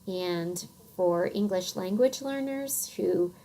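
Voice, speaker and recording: A middle-aged woman with a Western American accent, giving a recorded phonics lecture in an unhurried, thoughtful way with many soft fillers. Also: mid-range voice, low-quality recording. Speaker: teacher.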